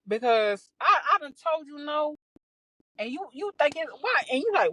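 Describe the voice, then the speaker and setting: A young adult woman hosting a podcast, telling a story in a casual, animated, profane way, with many restarts and exasperated asides. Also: high-pitched, normal speed, no room sound, low-quality recording. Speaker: podcast host.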